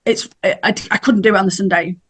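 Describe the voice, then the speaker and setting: A woman's voice: mid-range voice, fairly even intonation, fast, fairly bright tone, husky. A middle-aged woman, telling a personal story in a chatty way as a podcast guest and laughing now and then. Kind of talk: casual storytelling.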